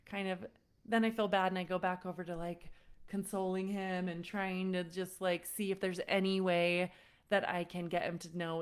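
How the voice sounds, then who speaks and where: A woman's voice: fairly low pitch, fairly even intonation, moderate pace, smooth. A woman parenting coach teaching a live online session, telling a personal story and greeting viewers by name. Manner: warm-up roll call, then storytelling with acted-out quotes.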